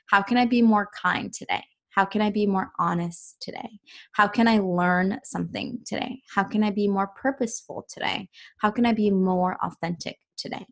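A young woman talking on her own podcast in an earnest, chatty way. Her voice sits at an ordinary middle pitch, and she fills her pauses with "um" and "like". It sounds loose and conversational, not read from a script. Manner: chatty, earnest, many fillers like "um" and "like". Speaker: podcast host and personal trainer. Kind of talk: casual solo podcast monologue.

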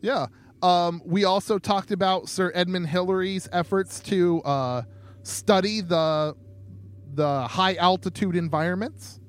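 Co-hosting a podcast, a young man keeps the chat casual, rambling with many ums and easygoing humor. He has a high voice, fairly even intonation, and a measured pace.

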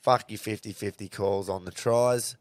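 An Australian man co-hosting a podcast, chatting about sport in a casual, sweary, excitable way, tired but amped. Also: lowish voice, moderate pace, no room sound, clean studio sound. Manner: sweary, excitable, laughing often. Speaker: podcast co-host.

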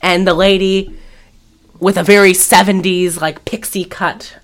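A woman's voice: on the low side, level tone, unhurried. A young woman co-hosting a podcast, casually recapping a movie and acting out the characters' lines in exaggerated voices. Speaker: podcast co-host.

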